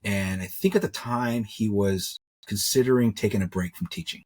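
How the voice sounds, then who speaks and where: Middle-aged guy rambling through a story, low husky voice. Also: normal speed, darkish tone. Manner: rambling, repeats words, acts out quotes. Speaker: interview guest, metalsmith. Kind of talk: casual storytelling.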